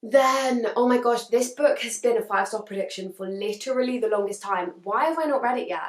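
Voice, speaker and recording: A woman chatting to camera about books she wants to read, gushing and hedging, a little hoarse as she is losing her voice. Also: on the high side, brisk, reverberant. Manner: chatty and gushing, with frequent hedges. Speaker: book vlogger. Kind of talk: casual chat to camera.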